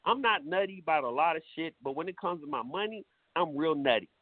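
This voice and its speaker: A man's voice: fairly high pitch, expressive, fast talker, no echo. A man hosting a talk show, giving blunt, profane advice in a preachy, casual monologue. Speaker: radio show host. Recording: tinny phone-like sound.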